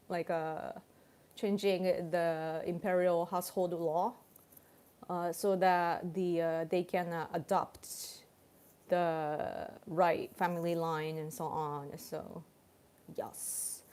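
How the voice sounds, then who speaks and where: Slow-talking Japanese woman chatting. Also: lowish voice, a little mellow, smooth. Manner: chatty, many fillers and restarts, laughs often. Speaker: livestream host. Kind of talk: casual livestream chat.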